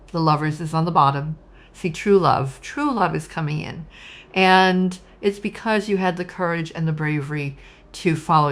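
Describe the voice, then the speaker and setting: Woman, middle-aged, lower voice; casual gushing tarot reader, emotional. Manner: warm, gushing, emotional, addresses viewers as "you guys". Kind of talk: casual tarot reading monologue.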